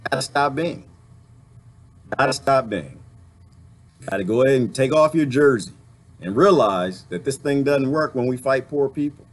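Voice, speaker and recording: A man's voice: mid-range voice, lively intonation, normal speed, long pauses. A man delivering an impassioned political rant to camera, full of rhetorical questions and mild swearing. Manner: emphatic, rhetorical questions, swearing, laughs often. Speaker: vlogger.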